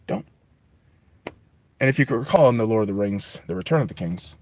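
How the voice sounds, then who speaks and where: A man hosting a podcast, ranting casually and profanely in an animated, rambling way. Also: mid-range voice, dry recording. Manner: animated, rambling, heavy swearing. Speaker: podcast host.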